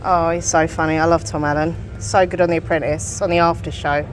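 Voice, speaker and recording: A woman's voice: deep voice, little pitch movement, brisk, faint music behind. A woman from England talking casually to her camera as she walks about and sits in a café, chatty and self-deprecating. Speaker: vlogger. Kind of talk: casual chatty vlog narration. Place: out and about, then inside a busy café.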